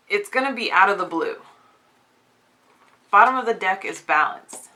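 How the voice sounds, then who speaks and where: A woman's voice: medium pitch, sharp tone, poor audio. A woman giving a casual collective tarot reading to her viewers, chatty and often breaking into giggles between cards. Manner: addresses viewers as y'all. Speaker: tarot reader.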